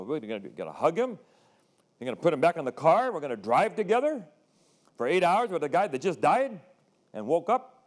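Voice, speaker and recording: A man's voice: a little high, sing-song, a little fast. An older man, a retired pastor, preaching a sermon in a conversational way, telling personal stories and acting out the voices of people in them.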